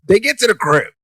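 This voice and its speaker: A man co-hosting a podcast, talking in casual chat, animated and profane, acting out scenes with big jumps in pitch and frequent laughs. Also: breathy edge, dry recording. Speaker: podcast co-host. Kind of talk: casual movie-review chat.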